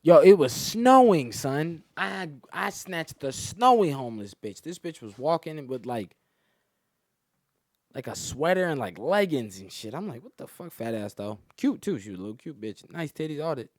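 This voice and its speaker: This young man from Georgia's Atlanta area is a comedian guest doing crude storytelling: boastful, slangy, and punctuated by laughter at his own jokes. His medium-pitched voice swings widely in pitch at a normal speed, in clean studio sound with no echo.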